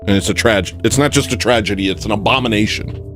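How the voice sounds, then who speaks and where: A man delivering a satirical comedy monologue, playing it mock-earnest and rambling, with sudden jumps in pitch. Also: fast, a bit bright, soft background music.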